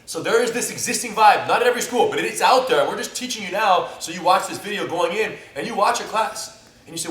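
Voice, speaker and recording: Man co-host trading quick jokes. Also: sits high, fairly bright tone. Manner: quick interjections and joking asides. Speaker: jiu-jitsu instructor and co-host. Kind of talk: casual instructional banter. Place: jiu-jitsu academy. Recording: roomy and distant mic, faint hiss.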